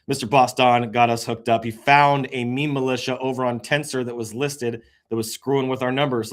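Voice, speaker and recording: Excitable man talking through crypto charts. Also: medium pitch. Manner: excitable, swings between muttering and sudden exclamations; yawning, drawn-out sighs. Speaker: crypto show host. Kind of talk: casual screen-share market commentary.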